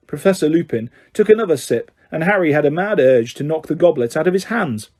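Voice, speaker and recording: Male audiobook narrator, fairly high voice, steady reading, small slips. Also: brisk, hardly any pauses.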